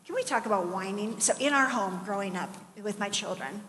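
A middle-aged woman preaching a sermon in a conversational, animated way, with asides and acted-out quotes. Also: medium pitch, fairly quick. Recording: long hall reverb, faint background noise.

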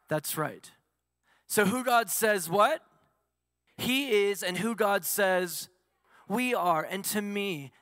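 Bright, high-voiced male preacher. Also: dry recording, studio quality, in a large hall. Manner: asks the congregation questions and answers them. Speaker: pastor. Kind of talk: sermon.

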